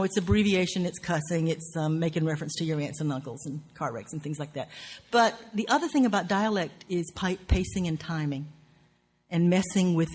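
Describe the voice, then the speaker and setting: Woman, Southern US accent, writing workshop lecture, salty, cussing, quick to laugh. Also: on the low side, slight background noise.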